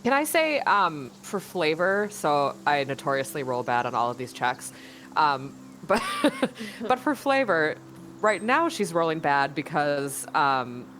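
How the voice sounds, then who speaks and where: A woman's voice: sits low, big pitch swings, unhurried, a bit bright, slight background noise. A woman playing a tabletop game, chatting and giggling with the group. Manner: giggly, bubbly. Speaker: player. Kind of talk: casual play at a tabletop game.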